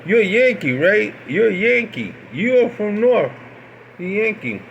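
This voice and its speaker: Guy doing a high-ish brash backwoods southern dude, blunt, drawls it out. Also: sing-song, a little slow, vocal fry, a bit bright, dull audio, a little hiss or hum, exaggerated voice. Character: blunt backwoods Southern man, middle-aged.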